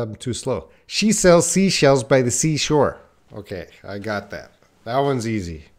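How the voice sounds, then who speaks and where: A male teacher leads a relaxed live-stream lesson. He talks slowly and in a middle pitch, chatting with viewers and laughing off his own slips. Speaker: English teacher.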